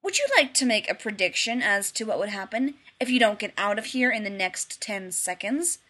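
A woman reading a story and voicing a gruff, sardonic man who talks flatly and teases. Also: sits high, normal speed, heavily acted. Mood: dry. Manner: flat, dry, sardonic.

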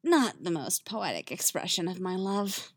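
A woman's voice: fairly low pitch, big pitch swings, a little slow, dry recording. A woman voicing a playful, affectionate young male bard.

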